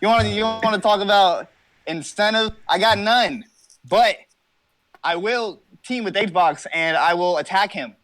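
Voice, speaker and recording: A young man with a fairly high voice rambles through a casual interview from his car. He jokes and brags and swears constantly. He comes across as brash and over the top. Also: a little slow, fairly bright tone. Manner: brash, profane, rambling comic boasting. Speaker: interview guest.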